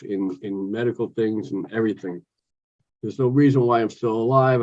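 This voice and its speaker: A man's voice: on the low side, a little mellow, highs cut off. A man, sharing his story at a recovery meeting in an outspoken, joking, chatty way. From New York. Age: 60s. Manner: outspoken, jokey, talks with his hands of stories and asides. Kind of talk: personal share at a recovery meeting. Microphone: phone.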